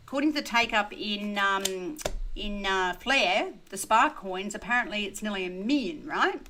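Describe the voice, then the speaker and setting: A woman's voice: mid-range voice, bright, forceful tone, a little hiss or hum, low-quality recording. An older woman hosting a casual crypto livestream, blunt and chatty, full of "you know" and "right?", sounding tired. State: tired and thirsty, drinking beer. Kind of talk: casual livestream chat reading viewer questions.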